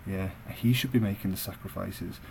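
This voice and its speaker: A man's voice: sits low, steady tone, normal speed, creaky, darkish tone, a little hiss or hum, low-quality recording. A young man tells a story in a blunt, sweary rant for his vlog. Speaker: vlogger.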